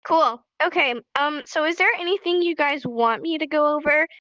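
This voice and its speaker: A young woman teaching sign language on a live stream, chatty and animated, repeating herself for emphasis. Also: high-pitched, normal speed, dry recording, highs cut off.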